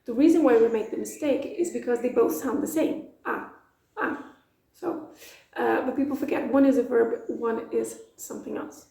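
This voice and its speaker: A woman's voice: fairly high pitch, normal speed, creaky, dark tone, roomy sound, low-quality recording. A woman from Portugal, teaching in a casual, playful way with lots of examples. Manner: chatty, playful, explains with examples. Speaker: language teacher. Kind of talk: casual video lesson.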